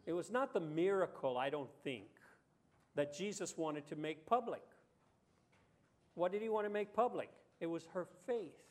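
A man's voice: animated, normal speed, a little mellow. A man preaching a sermon in a conversational way, asking the audience rhetorical questions and acting out the voices he quotes. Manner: acts out quoted voices with pitch jumps. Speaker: pastor.

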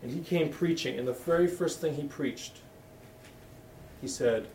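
A man's voice: fairly high pitch, unhurried, a little mellow, slight background noise. A middle-aged man preaching a sermon as pastor, talking candidly and conversationally, often restarting his sentences. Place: church hall. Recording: echoey room, voice from a distance.

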